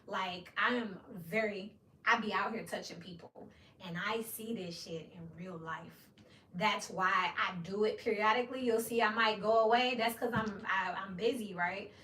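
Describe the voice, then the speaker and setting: A blunt, cursing woman talks through a casual tarot reading. Her voice is bright and forceful. She sits well back from the mic in a roomy, echoing space with a faint hiss behind her. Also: mid-range voice, moderate pace. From Memphis, USA. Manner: blunt and profane, with frequent "you know what I mean". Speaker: tarot reader. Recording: roomy echo, distant from mic.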